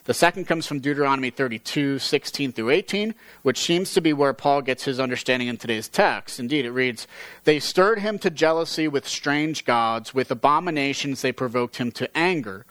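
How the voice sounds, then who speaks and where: Bible teacher, male, mid-pitched, dry studio-close voice, steady explanatory reads. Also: moderate pace, no room sound, low-quality recording. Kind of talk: reading scripture aloud with commentary.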